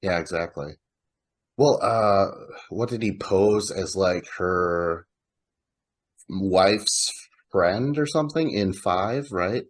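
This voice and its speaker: Male podcast co-host, slightly low and husky, loose rambling delivery. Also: slow. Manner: rambling, with fillers and laughs. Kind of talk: casual movie chat.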